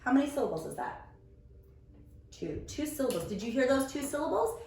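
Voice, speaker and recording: A woman's voice: high voice, big pitch swings, a little hiss or hum. Patient teacher woman in an echoey room. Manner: patient, gentle, sounds out words slowly. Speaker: preschool teacher. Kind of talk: teaching a child on video. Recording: very echoey room, mic far off.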